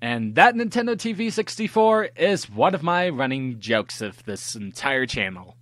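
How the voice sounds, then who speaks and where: A man's voice: medium pitch, very animated, moderate pace, a bit bright, no room sound, faint music behind. A young man giving a reaction commentary, arguing back with exasperated rebuttals. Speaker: commentary host.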